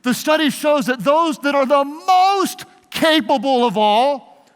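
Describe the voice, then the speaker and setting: A man's voice: extremely high pitch, unhurried, fairly bright tone. A man preaching a leadership sermon, leading his audience in call-and-response. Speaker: pastor. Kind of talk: sermon-style leadership talk. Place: large hall with live audience. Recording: long hall reverb.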